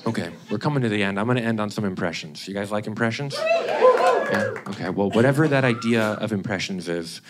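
A man doing a stand-up comedy set on a cabaret club stage, animated and laughing between bits, setting up goofy deadpan impressions. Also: fairly low pitch, brisk. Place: cabaret club stage before a live audience. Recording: live club recording with audible noise.

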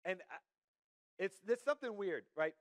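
A young male pastor preaches with a high, lively voice that leaps up and down as he tells stories. He mixes personal anecdotes with self-deprecating humor, and the sound is close and dry with hardly any room. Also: normal speed, no echo. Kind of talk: sermon. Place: church.

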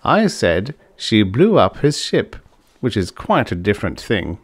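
Man reading as a fat scheming crime boss, suave, pompous, unhurried, dry close audiobook sound. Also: fairly low pitch, very animated, slightly rough, no room sound, exaggerated voice.

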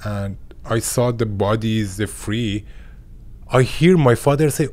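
A young man with a Persian accent, a boxer and a guest in a studio interview, speaking halting English and searching for words. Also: medium pitch, darkish tone. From Iran. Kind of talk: interview conversation. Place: podcast studio.

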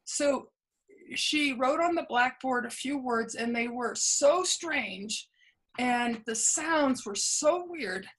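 A woman's voice: high-pitched, slow pace, fairly bright tone, slightly rough, poor audio. A woman guest in an interview, earnestly recounting past experiences and acting out quoted dialogue, with frequent small restarts. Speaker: interview guest, memoir author. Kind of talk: conversational storytelling.

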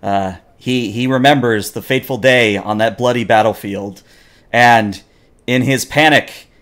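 A man running a tabletop game as game master, narrating the action with animated storytelling and frequent fillers. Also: mid-range voice, a little slow.

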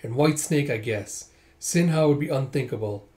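A gruff young swordsman who guards the princess, blunt and curt, voiced by a man reading a manga aloud. It stays close to an everyday speaking voice. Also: medium pitch, animated, normal speed, warm tone, lightly acted. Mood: irritated. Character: gruff young male bodyguard, blunt and protective.

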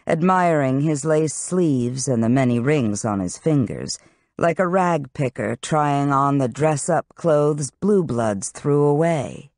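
An audiobook narrator reading fantasy at a slow, unhurried pace. The telling is even and measured. The recording is dry and close, with no room sound. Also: medium pitch, no echo.

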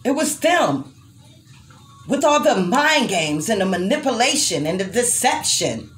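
A young adult woman reads tarot cards for her viewers in a raised, lively voice that swings all over. She is emphatic and emotional, swears without holding back, and turns tender when she speaks to the listener. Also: a little high, unhurried, slight background noise. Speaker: tarot reader. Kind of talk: tarot reading addressed to viewers.

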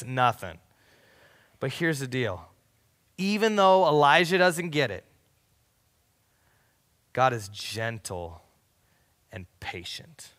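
A man preaching a casual youth sermon, his voice swinging from loud to hushed. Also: medium pitch, big pitch swings, takes it slowly, pauses often, long reverb tail. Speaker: youth pastor.

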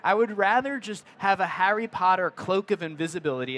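A middle-aged man talks casually to an audience. His voice sits high, and he rambles, with many fillers and restarts as he works through his thoughts. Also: animated, brisk, fairly bright tone. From United States. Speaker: photographer giving a presentation.

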